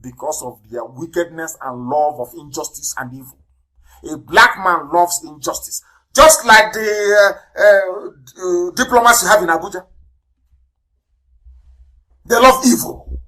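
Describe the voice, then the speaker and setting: A man's voice: moderate pace, poor audio. Fiery Nigerian man on live radio. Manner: fiery, denouncing, emphatic repetition; swings between loud outbursts and low muttered asides. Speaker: political leader broadcasting on radio.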